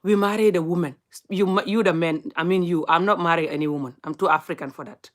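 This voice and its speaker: A woman rants straight to camera, scolding and mocking. Her delivery keeps jumping from low, pointed asides to high, sing-song exclamations. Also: quick pace. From Gambia. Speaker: vlogger. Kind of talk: animated ranting commentary.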